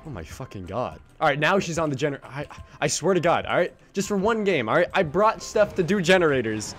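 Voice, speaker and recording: A man giving live, swearing gameplay commentary, muttering low asides and yelping when he is chased. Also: very animated, brisk, a bit bright, faint music behind. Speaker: gaming channel host.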